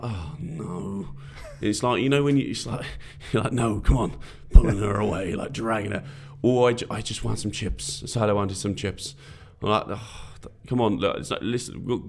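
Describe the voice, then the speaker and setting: A man co-hosts a fitness podcast in casual chat. His voice sits low with a gravelly edge, and he rambles through stories with plenty of restarts and fillers. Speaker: podcast co-host.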